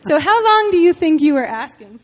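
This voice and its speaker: A woman with a high voice shares an emotional testimony in a large church, breaking into laughter often. Her words ring out in an echoey hall with a long reverb tail. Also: sing-song, fairly quick. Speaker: church speaker and mother.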